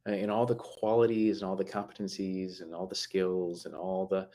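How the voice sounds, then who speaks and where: A man hosting a live mental health talk, conversational, with many fillers and restarts, slowing down to stress key words. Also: low voice, little pitch movement, mellow.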